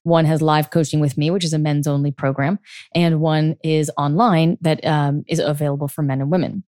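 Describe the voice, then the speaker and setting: Middle-aged woman, low warm voice, earnest podcast coach, dry close recording. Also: fairly even intonation, normal speed, dry recording. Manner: earnest, coaching tone, frequent "okay?" check-ins. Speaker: podcast host and life coach. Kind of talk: solo podcast monologue.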